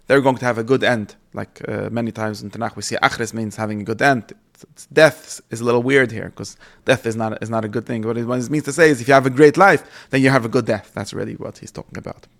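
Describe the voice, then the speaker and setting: Gravelly man teaching scripture. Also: medium pitch, steady tone, fast talker, fairly bright tone. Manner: reads Hebrew verses aloud and translates them, with fillers and restarts. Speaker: Bible teacher. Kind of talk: explanatory lesson on scripture.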